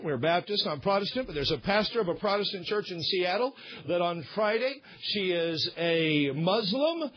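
A man's voice: high-pitched, breathy edge, dull audio. A man pastor delivering an emphatic, repetitive sermon.

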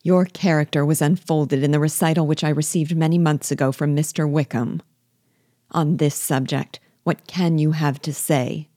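A woman reading the lines of a spirited, sharp-tongued young woman in a forceful, accusing manner. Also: low-pitched, fairly even intonation, moderate pace, no echo, clean studio sound.

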